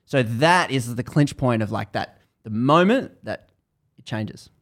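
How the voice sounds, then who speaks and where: A man hosting a podcast, casually retelling a book's story in animated bursts that build tension. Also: mid-range voice, measured pace. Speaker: podcast host. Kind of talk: casual book recap chat.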